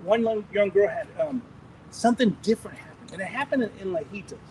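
A man preaching, telling a testimony in an animated, rambling way with laughs and restarts. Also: sits high, fast, slight background noise, poor audio. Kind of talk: sermon testimony storytelling.

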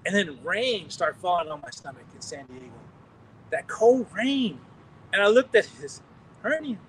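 High-voiced pastor telling animated stories. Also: male voice, fairly quick, far from the mic, slight background noise, poor audio. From United States. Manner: animated, chuckling, restarting phrases. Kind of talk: storytelling sermon testimony.

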